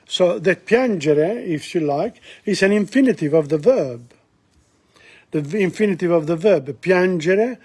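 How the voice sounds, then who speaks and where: A man's voice: sits high, a little mellow, slightly rough. A man teaching Italian by working through a song's lyrics word by word, repeating terms and breaking down the grammar. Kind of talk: explaining song lyrics line by line.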